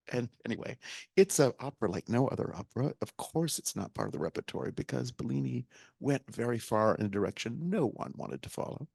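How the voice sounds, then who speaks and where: A man's voice: mid-range voice, animated, fairly quick, creaky, darkish tone, husky, no echo. A man speaking as a guest at a public talk, animatedly retelling a story and acting out quoted lines, sometimes dropping almost to a whisper. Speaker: guest speaker, theater director. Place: library event hall with live audience.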